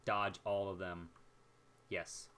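Excitable young man narrating his gameplay. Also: low voice, slow, clear, resonant tone. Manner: excitable, jokey, talks to himself while playing. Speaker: gameplay commentator. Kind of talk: casual gameplay commentary.

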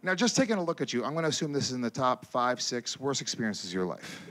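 A man performing a stand-up comedy set on stage, telling a crude story in an animated way and breaking into loud impressions. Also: medium pitch, fast talker. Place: comedy stage before a live audience.

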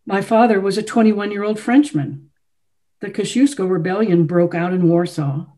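A woman's voice: medium pitch, fairly even intonation, warm tone, close to an everyday voice. A woman reading an ailing, intense composer. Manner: slow, weighted speech.

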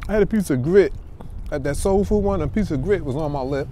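A man's voice: a little high, fairly quick, mellow, slight background noise. A man from Newark, chatting casually to his viewers as a food vlogger while eating outdoors in a city park. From Newark, New Jersey. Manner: chatty, talks straight to viewers as "y'all". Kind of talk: casual chat to camera.

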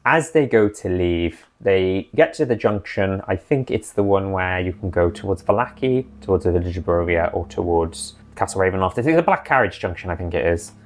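A man recapping his tabletop campaign as dungeon master, in a chatty, animated way. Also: low-pitched, fairly quick, hardly any pauses.

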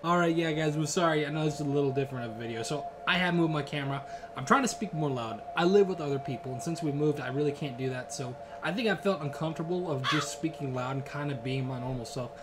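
A man's voice: fairly high pitch, fast talker, music in the background. A young man playing a horror game and rambling sarcastically to viewers, with lots of fillers and swearing, recorded at home. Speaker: gaming YouTuber. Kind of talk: horror game let's play commentary. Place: room in a shared home.

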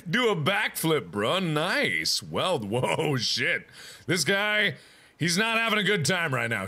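A man's voice: sits high, pushed and bright. A man reacting to gameplay with laughing, jokey asides.

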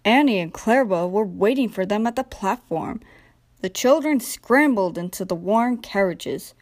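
A young woman narrating a children's train storybook in a gentle, expressive read-aloud manner. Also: medium pitch, measured pace. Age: young adult. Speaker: storybook reader.

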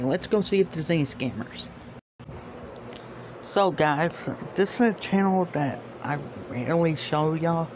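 A man's voice: on the high side, background noise. A young man making a casual vlog, reading viewer comments aloud in an exasperated way. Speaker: YouTuber.

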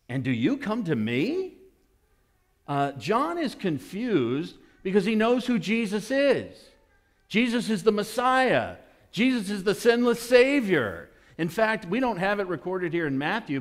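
A male pastor preaching a sermon in a church, asking the congregation questions and acting out the people in the story. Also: fairly high pitch. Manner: animated, acts out voices of people in the story.

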